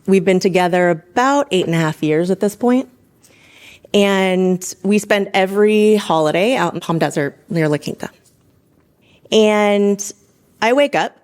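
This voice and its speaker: A woman in her thirties, a physician assistant, telling her own story in an animated way, laughing often and acting out what people said. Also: on the low side. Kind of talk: personal storytelling.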